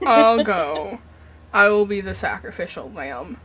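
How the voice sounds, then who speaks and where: A woman on a video call plays in a casual online tabletop game, talking in an easygoing way full of ums and likes. Her voice is bright and crisp. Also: mid-range voice, lively intonation, measured pace. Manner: easygoing, describes her character with fillers. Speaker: player.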